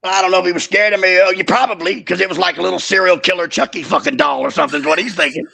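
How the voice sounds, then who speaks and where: A man's voice: high-pitched, steady tone, very fast, vocal fry, pushed and bright. A middle-aged man telling rowdy, profane stories in casual chat, laughing often. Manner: profane, laughing, rambling storyteller. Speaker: guest, former wrestler.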